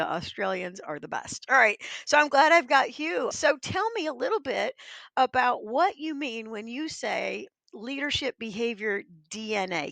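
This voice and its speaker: Energetic woman podcast host, playful and exclamatory, slightly high voice, dry close mic. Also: creaky, no room sound. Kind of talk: enthusiastic interview hosting.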